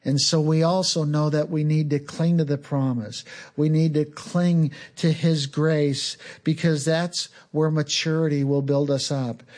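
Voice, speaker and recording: A man preaching an earnest, unhurried sermon, sometimes repeating words as he teaches. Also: a little high, darkish tone. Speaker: pastor.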